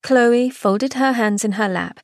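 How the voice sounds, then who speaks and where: A woman giving a scripted, expressive narration of a romance novel excerpt. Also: a little high, unhurried, no room sound, clean studio sound. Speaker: podcast host reading a novel excerpt.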